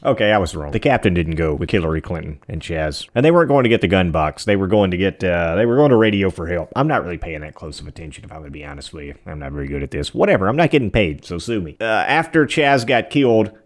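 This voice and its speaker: A man's voice: low voice, expressive, fast talker, hardly any pauses. A man casually recapping a movie for laughs, rambling with fillers and sarcastic, self-deprecating asides. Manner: sarcastic, rambling, mocks the film.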